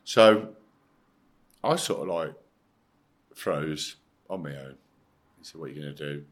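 A middle-aged former footballer with an English accent and a very deep, low voice talks as a podcast guest, casual like a chat-show appearance. He's blunt and emphatic, swears freely, and impersonates the people in his story, with lively intonation and a slightly slow pace.

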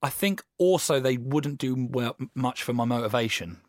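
A man's voice: mid-range voice, moderate pace, no echo, clean studio sound. A young man, a comedian, chatting casually and acting out little scenes with laughter. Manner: animated, laughing, acts out voices in anecdotes. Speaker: comedian guest. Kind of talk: casual podcast chat.

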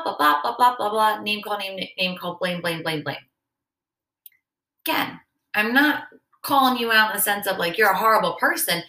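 A woman's voice: medium pitch, bright, forceful tone. A woman hosting a self-help podcast, talking casually and acting out short quoted conversations as she goes. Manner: conversational, acts out little quoted dialogues. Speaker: podcast host. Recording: echoey room.

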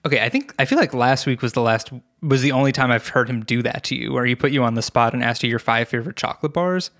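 A man's voice: medium pitch, fairly bright tone. A man from New York, guest co-hosting a casual podcast chat, joking and teasing. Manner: joking, teasing, quick to laugh. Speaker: guest co-host and podcast editor.

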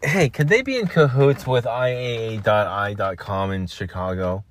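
A man's voice: fairly low pitch, moderate pace. A man hosting his own podcast in a rambling, profane, joking comic monologue. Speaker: podcast host.

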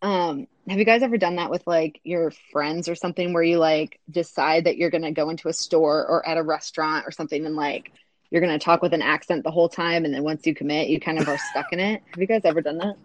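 A woman with a somewhat low voice co-hosts a podcast and recaps an episode in relaxed chat. Her talk is loose and full of fillers. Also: fast talker, dry recording. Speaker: podcast co-host.

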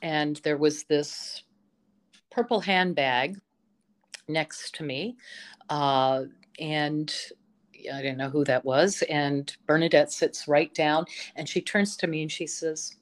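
A woman with a low voice tells stories as a guest on an interview podcast. She speaks slowly and with enthusiasm, filling her pauses with frequent ums and you-knows. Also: steady tone. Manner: enthusiastic storytelling, full of fillers. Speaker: vocal instructor, interview guest. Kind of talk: casual interview chat.

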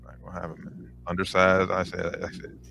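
A man co-hosting a casual sports podcast, laid-back and halting, often repeating his words. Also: low voice, completely flat delivery, gravelly, bright, forceful tone, slight background noise. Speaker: podcast co-host.

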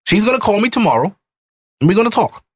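A man in his thirties hosting a podcast, telling a personal story in an emotional, animated way. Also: sits high, fast, breathy edge. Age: 30s. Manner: emotional, animated retelling with acted-out quotes. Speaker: podcast host. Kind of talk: casual storytelling chat.

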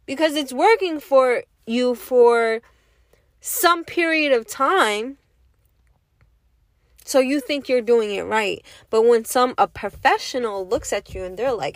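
Woman, high pitch, slow deliberate delivery, dry close sound; blunt opinion piece full of rhetorical questions. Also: expressive, no room sound. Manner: emphatic, repeats rhetorical questions, curses. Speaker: vlogger giving opinions. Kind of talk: casual monologue.

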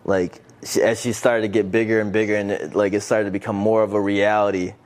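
A man's voice: fairly low pitch, flat delivery, brisk, darkish tone. A young man hosting a casual chat, joking around and calling his friend "man" and "bro". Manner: joking, laughs easily, calls people "man" and "bro".

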